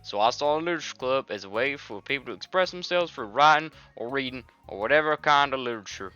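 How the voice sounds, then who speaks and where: A man's voice: medium pitch, lively intonation, quick pace, sharp tone, clear, resonant tone, no echo, lo-fi sound, soft background music, pitched above the performer's own voice. A man voicing a poised teenage girl club president in a near-natural voice, friendly and composed.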